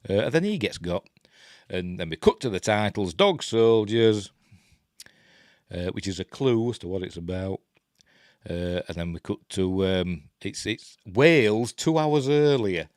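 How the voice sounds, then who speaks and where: Chatty Yorkshire man, lively pitch. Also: unhurried, no room sound, studio quality. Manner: rambling, chatty, self-interrupting. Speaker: host. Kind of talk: casual live film commentary. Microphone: webcam.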